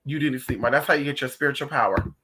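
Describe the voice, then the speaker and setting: A livestream host telling gossipy stories in a profane, animated way, talking straight to the viewers. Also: mid-range voice, racing, husky. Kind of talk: casual livestream chat.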